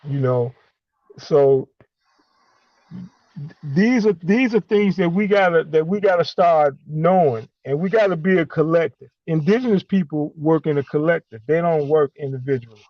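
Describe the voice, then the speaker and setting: A man calling in and speaking emphatically in a preachy way, halting with many fillers between points. The audio is a dull, lo-fi call line. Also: fairly high pitch, no echo. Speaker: caller. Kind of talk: impassioned call-in monologue.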